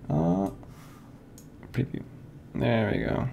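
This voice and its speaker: A young man co-hosting a live online show, talking in a loose, rambling way, with frequent "like"s and self-corrections. His voice sits on the low side. A faint hiss runs under the home microphone. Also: steady tone, normal speed, a little mellow. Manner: rambling, full of "like" and restarts. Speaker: co-host of a fan-made live gaming show. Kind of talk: casual live-show chat.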